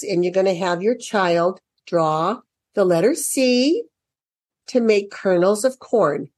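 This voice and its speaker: Lively, slow-paced woman teaching parents. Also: medium pitch, no room sound. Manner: chatty, thinks aloud, sing-song when reading to children. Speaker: educator presenting reading workbooks to parents. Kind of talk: casual instructional walkthrough. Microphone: computer mic during an online screen share.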